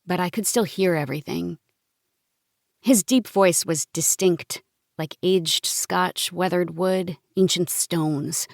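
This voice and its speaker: A woman reading a first-person novel as an audiobook narrator, in a calm, measured storytelling manner. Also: lowish voice, dry recording, studio quality.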